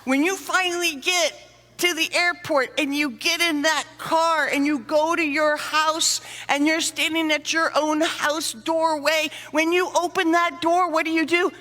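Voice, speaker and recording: A high-pitched, bright-voiced woman gives an animated talk to a conference audience and acts out small scenes as she goes. Her voice rings with the long reverb of a large hall. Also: a little slow. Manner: animated storyteller, acts out sighs and little scenes. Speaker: conference speaker on dementia care. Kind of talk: lively presentation to an audience.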